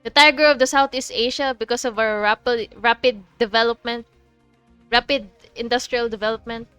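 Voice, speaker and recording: A woman's voice: on the high side, steady tone, moderate pace, pushed and bright, clear, resonant tone, no echo, faint music behind. A woman from the Philippines with a Filipino accent, chatting casually while streaming a game, laughing often and swearing freely. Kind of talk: casual chat while playing.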